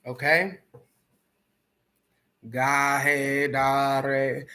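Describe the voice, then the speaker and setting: A spiritual teacher on a livestream, chanting syllables slowly and deliberately and laughing at themselves between chants. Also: mid-range voice, expressive, sharp tone.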